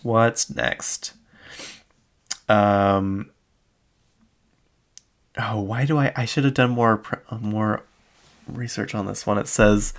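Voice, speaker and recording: A man's voice: fairly low pitch, fairly even intonation, slow, long pauses. A man hosting a podcast, chatting casually and rambling with lots of fillers. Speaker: podcast host. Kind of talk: casual recap chat.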